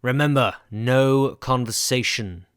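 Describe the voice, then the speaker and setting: A man voicing a stern, brooding gentleman who is master of the house, speaking in commanding, curt tones for a storybook reading. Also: mid-range voice, slow pace, smooth, no echo, clean studio sound, natural voice.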